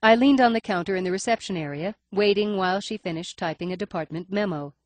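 A woman's voice: mid-range voice, quick pace, no room sound. A woman reading a first-person detective story aloud in a wry, matter-of-fact manner. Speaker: audiobook narrator. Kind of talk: first-person scripted narration.

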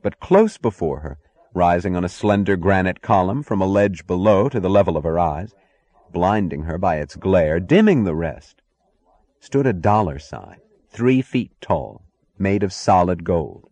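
A man narrates an audiobook in a deep, low-pitched voice. His reading is measured and expressive, and the recording is dry and close with no room sound. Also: dry recording. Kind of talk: scripted narration.

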